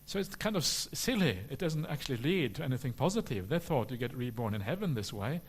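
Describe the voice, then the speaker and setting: Man, buddhist monk, dharma talk q and a, relaxed, humorous, filler-heavy. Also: medium pitch, quick pace, breathy edge. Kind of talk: dharma talk question and answer.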